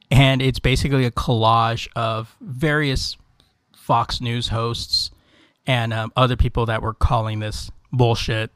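A man's voice: medium pitch, a bit bright, no echo. Casual guy rambling on a podcast, swears a lot, dry close mic. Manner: loose, rambling, swears freely, lots of fillers. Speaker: podcast co-host. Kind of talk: casual chat.

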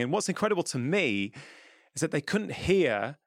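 A man's voice: fairly high pitch, animated, brisk, dry recording. Upbeat male podcast host, dry close sound. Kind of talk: podcast interview.

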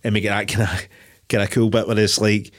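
A man's voice: fairly low pitch, flat delivery, quick pace. A Scottish man co-hosting a film podcast, talking casually, rambling and swearing freely as he retells scenes. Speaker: podcast co-host.

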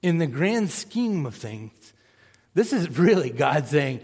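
A man's voice: on the high side, big pitch swings, slow pace, vocal fry, darkish tone, husky. A man, a pastor, preaching a conversational sermon and asking his congregation questions. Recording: long reverb of a large hall.

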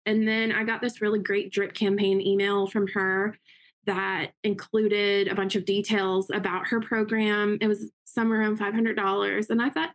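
A woman's voice: mid-range voice, fairly even intonation. Upbeat woman telling her story. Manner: upbeat, quick storytelling with acted quotes. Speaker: interview guest, realtor and investor. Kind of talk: casual interview talk.

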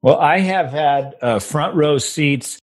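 A man's voice: on the high side, slow. An older man hosting a podcast, chatting casually and steering the guest with questions. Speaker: podcast host. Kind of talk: casual interview chat.

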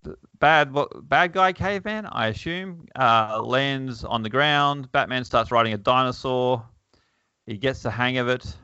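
A man's voice: mid-range voice, unhurried, pushed and bright, smooth, dry recording. A man hosting a podcast, reading a comic aloud in casual chat, wry and chuckling, with plenty of fillers. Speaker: podcast host. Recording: dull lo-fi, dry.

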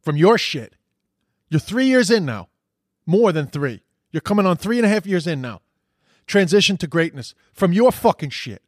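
A man's voice: high-pitched, big pitch swings, moderate pace, no echo, clean studio sound. A man ranting about social media posts in a heated, profane way, repeating himself as he gets worked up. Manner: indignant, sweary, repeats himself when heated. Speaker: commentator reacting to posts.

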